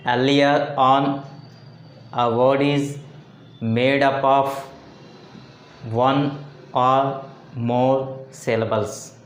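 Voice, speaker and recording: A man teaching a lesson on word stress, speaking deliberately and repeating words and phrases for emphasis. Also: medium pitch, roomy sound. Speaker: English teacher. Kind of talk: slow phonetics lesson.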